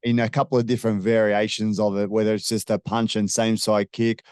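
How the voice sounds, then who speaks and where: Male host, smooth clear voice, dry sound, blunt and sweary in casual chat. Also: fairly low pitch, flat delivery, a little fast, a little mellow, dry recording. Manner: blunt, opinionated, swears freely.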